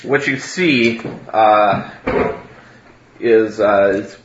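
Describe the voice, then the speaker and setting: A man narrating a tabletop game as game master, halting with many ums and restarts. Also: lowish voice, roomy sound, highs cut off, background noise.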